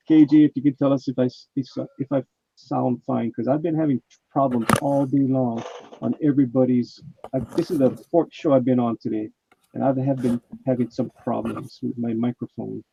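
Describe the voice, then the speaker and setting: A man's voice: mid-range voice, moderate pace, vocal fry, warm tone, a little hiss or hum. A man hosting a casual live stream, chatting and reading viewers' chat messages aloud. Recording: muffled, dull mic sound.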